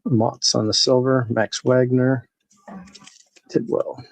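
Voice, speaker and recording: Taking it slowly in a level tone, a man at medium pitch with a gravelly, husky voice hosts a live baseball card break, chatting loosely and addressing viewers by name as he opens packs. The recording is dry and low quality.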